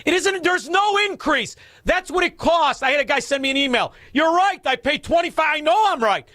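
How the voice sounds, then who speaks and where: A man's voice: very high-pitched, animated, a little fast, bright, forceful tone, no echo, clean studio sound. Combative, mocking male radio host. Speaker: radio talk show host. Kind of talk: talk radio taking calls. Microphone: studio microphone.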